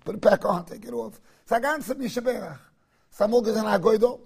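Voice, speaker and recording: Husky high-voiced Torah teacher. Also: male voice, a little fast. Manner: chants verses, jokes in asides. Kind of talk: Torah lecture.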